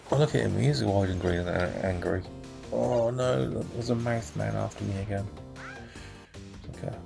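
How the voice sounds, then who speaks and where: British guy, gravelly lowish voice, offhand and wry gameplay commentary, faint game music under him. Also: darkish tone. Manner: grumbling, wry and offhand, with dry asides. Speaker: retro game reviewer.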